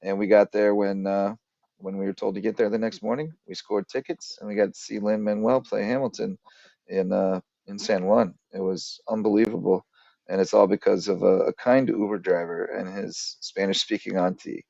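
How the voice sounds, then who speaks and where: Low-voiced chatty podcast host. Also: male voice, fairly even intonation, normal speed, gravelly, mellow, dry recording, muffled recording. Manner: chatty storyteller, jokey, reels off sponsor plugs. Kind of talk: casual sports podcast chat and sponsor reads.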